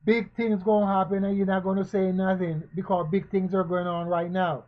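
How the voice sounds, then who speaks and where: A man giving spoken commentary, asking questions again and again and preaching in a slow, emphatic way. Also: sits high, flat delivery. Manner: rhetorical, repetitive questioning. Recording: dull lo-fi recording.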